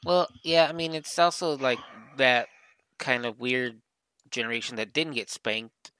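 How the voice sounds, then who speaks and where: A man's voice: mid-range voice, a little slow, sharp tone, clear, resonant tone, no room sound. A man in casual chat, mostly listening and giving short, easygoing replies. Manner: laid-back listener, short agreeing replies.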